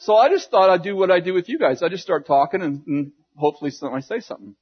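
A man's voice: high voice, lively intonation, very fast, slightly rough, muffled recording. A man preaching, telling a humorous, self-deprecating story with lots of restarts and quoted dialogue. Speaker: pastor. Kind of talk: sermon storytelling.

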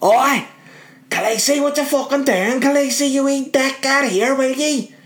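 A man putting on a coarse Belfast parent with a Belfast accent, yelling and swearing at a child. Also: very high voice, moderate pace, pitched above the performer's own voice. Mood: furious. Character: rough shouty Belfast parent scolding a child.

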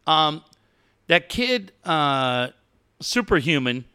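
A middle-aged man co-hosting a radio talk show, telling animated stories and swearing casually. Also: on the high side, drawn-out words, clear, resonant tone. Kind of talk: casual chat.

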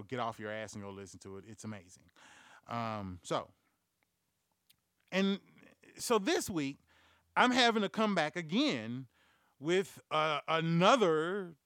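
A man hosting a comedy news podcast, ranting loudly and profanely, acting out quoted voices as he tells stories. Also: a little high, smooth, no echo, clean studio sound. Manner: profane, loud, animated storytelling. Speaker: podcast host.

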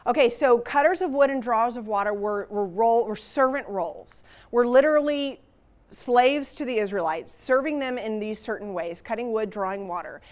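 A woman teaching a Bible passage to a church group in a conversational, animated way, with rhetorical questions. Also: a little high, normal speed.

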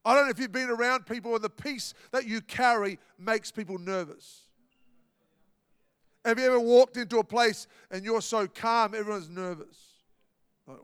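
A man preaching a sermon, animated and dramatic. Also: high-pitched, normal speed, clean tone, no room sound, clean studio sound, in a large hall. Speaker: pastor.

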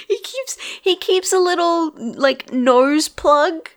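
A woman in casual chat, talking in an animated way, swearing freely and piling up "like" fillers. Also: extremely high pitch, slow pace.

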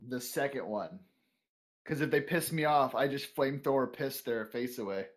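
A man's voice: mid-range voice, moderate pace. A man who writes stories, answering as a guest in a casual podcast interview, blunt, offhand and profane.

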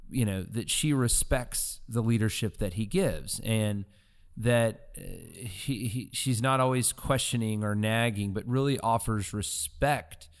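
A man's voice: on the low side, measured pace. A man talking in a casual faith discussion, conversational and agreeable, with loose, rambling phrasing.

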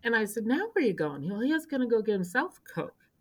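On the high side and talking fast, this older woman is a lively, emotional storyteller guesting on an indoor podcast interview. A longtime local government official, she acts out quotes animatedly and turns emotional.

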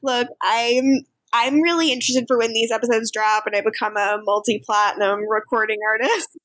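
A woman's voice: a little high, fairly even intonation, normal speed, fairly bright tone, no echo. Joking woman podcast host, dry close sound. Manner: joking, self-deprecating, openly sentimental. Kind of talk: casual podcast recap chat.

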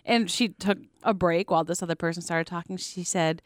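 A woman's voice: lowish voice, a little fast, no room sound, clean studio sound. A young adult woman co-hosting a casual chat, telling a story with lots of laughter and acted-out quotes. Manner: animated storyteller, laughs often, acts out quotes. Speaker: podcast co-host.

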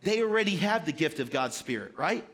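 A man's voice: fairly high pitch, sing-song, brisk, a bit bright. A man preaching a sermon to his church in an earnest, conversational way, repeating his key phrases. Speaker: pastor. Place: church sanctuary.

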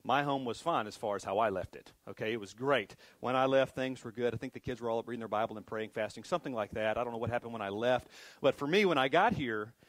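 A man's voice: medium pitch, fast talker, hardly any pauses, a bit bright, no room sound. A middle-aged man preaching as a pastor, talking casually with many restarts and self-deprecating asides. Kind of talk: sermon. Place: church sanctuary.

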